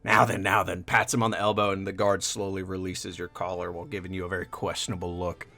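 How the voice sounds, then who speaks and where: A man narrating a tabletop game as game master, in a loose, lively storytelling manner. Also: sits low, fast talker, no echo.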